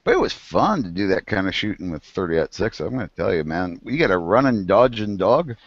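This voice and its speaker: Laughing rural storyteller, lively pitch. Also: male voice, fairly quick. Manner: laid-back storyteller, laughs often, acts out animals and people. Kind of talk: casual chat. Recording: muffled, dull sound.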